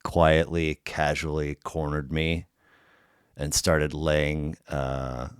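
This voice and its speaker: A low-pitched man with a smooth, resonant voice, recorded close and dry. He chats loosely and profanely, piling up fillers and restarts as he tells his story. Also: little pitch movement, takes it slowly, no room sound. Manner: profane, rambling, filler-heavy. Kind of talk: casual storytelling chat.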